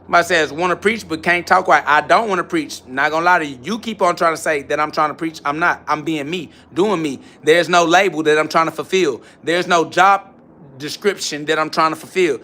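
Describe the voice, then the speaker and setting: A man's voice: on the high side, fairly quick, sharp tone. A man hosting a live stream from his garage gym, answering viewer comments in a brash, boastful, repetitive rant. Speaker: livestream host.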